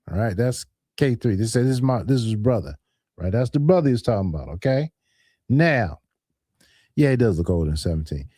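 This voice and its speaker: A man's voice: fairly low pitch, a little fast, dry recording, clean studio sound. A man hosting a call-in livestream, casually retelling an exchange of text messages to his viewers. He keeps asking them to agree and acts out each quote. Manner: animated, acts out quoted texts; talks straight to viewers, asks for agreement. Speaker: call-in show host.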